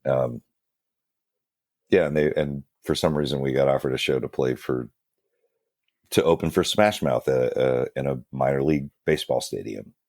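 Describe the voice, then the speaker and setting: Guest musician, man with a very low voice, loose and self-deprecating, plenty of ums; dry, close recording. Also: normal speed, pauses often, darkish tone, no echo. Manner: rambling, self-deprecating, many fillers and restarts. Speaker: guest musician, band singer. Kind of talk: casual storytelling interview.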